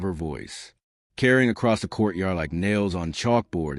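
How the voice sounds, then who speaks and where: A man narrating a scripted story in a steady storytelling manner. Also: on the low side, moderate pace, dry recording.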